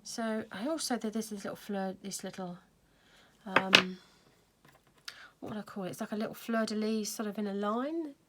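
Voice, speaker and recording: A woman's voice: medium pitch, moderate pace, heavy background noise. A woman hosting a casual crafting tutorial, chatting and thinking aloud as she works. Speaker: craft video host.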